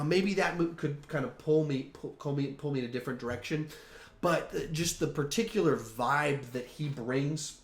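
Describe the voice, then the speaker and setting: A man in his thirties hosting a casual live-stream chat, animated, with trailing restarts and fillers. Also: fairly high pitch, roomy sound. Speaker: host.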